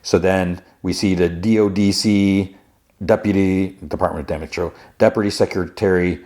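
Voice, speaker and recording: Deep-voiced man casually recapping a show. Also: fairly even intonation, normal speed, darkish tone. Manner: slips into raised-pitch voices for quoted characters; loose, rambling, restarts often. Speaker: podcast host recapping a TV episode. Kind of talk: casual recap with acted quotes.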